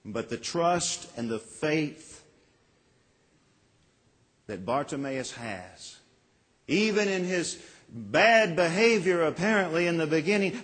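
Pastor preaching in a reverberant hall. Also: male voice, a little high. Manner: earnest preaching with dramatic pauses and acted quotes. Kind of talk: sermon.

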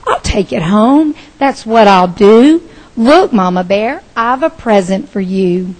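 A woman's voice: a little high, animated, takes it slowly, darkish tone, poor audio. A woman voicing a jolly, eager father bear in a Christmas picture book.

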